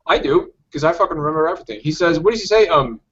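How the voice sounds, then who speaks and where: Tipsy podcast guest, man, high voice, loose rambling banter, lo-fi recording. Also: expressive, rapid-fire, fairly bright tone, slightly rough. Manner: rambling, joking, curses freely. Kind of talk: casual chat with impressions. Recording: dull lo-fi sound.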